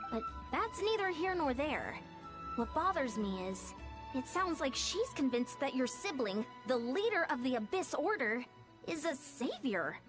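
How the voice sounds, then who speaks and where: A wary female commander who speaks carefully and articulately in a fairly high, expressive voice. She weighs every word like a cautious leader in a video game. Soft game music hums behind her. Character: wary female military leader, calm and measured.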